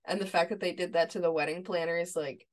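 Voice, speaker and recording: A woman co-hosting a podcast, retelling a TV episode scene by scene in a relaxed, chatty way. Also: lowish voice, fast. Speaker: podcast co-host. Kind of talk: casual recap chat.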